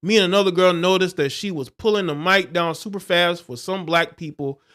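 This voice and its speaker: High-pitched and fairly bright, the host's voice moves a little fast as he reads out a news item. He repeatedly veers off into sneering, insulting, sermonizing commentary for his livestream audience.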